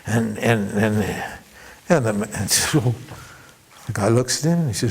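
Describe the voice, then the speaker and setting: A man's voice: fairly low pitch, measured pace, slightly rough. A man teaching a workshop on devotion, with chuckling asides and frequent rhetorical "huh?" as he tells stories. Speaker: spiritual teacher.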